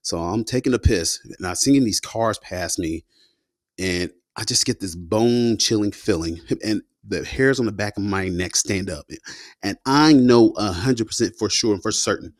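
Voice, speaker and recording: Veteran man, low voice, dry close sound, casual storytelling full of slang fillers. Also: moderate pace, no room sound. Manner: loose and slangy, peppered with "you know" and "man". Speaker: combat veteran guest telling his story.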